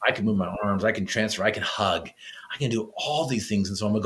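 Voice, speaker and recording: A man's voice: on the low side, quick pace, a bit bright. A man, a podcast guest, earnestly telling a personal story with frequent restarts.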